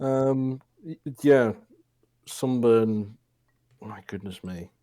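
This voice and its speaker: Casting note: male podcast co-host in his twenties, warm, mellow tone, hesitant storyteller. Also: medium pitch, drawn-out words. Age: 20s. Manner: hesitant anecdote-telling with many restarts. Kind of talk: casual chat.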